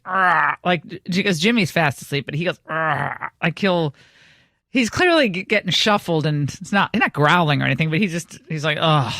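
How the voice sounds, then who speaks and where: A woman's voice: fairly low pitch, fairly bright tone, no echo. Chatty woman radio host, dry studio. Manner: chatty storytelling with restarts. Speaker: radio talk show host. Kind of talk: casual radio talk. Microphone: studio microphone.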